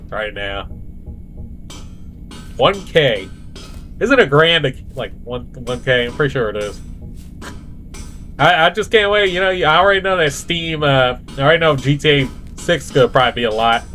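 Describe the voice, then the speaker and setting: A man's voice: fairly high pitch, sing-song, a little slow, long pauses, pushed and bright, faint music behind. A young man vlogging in a rambling, casual monologue, full of fillers and tangents.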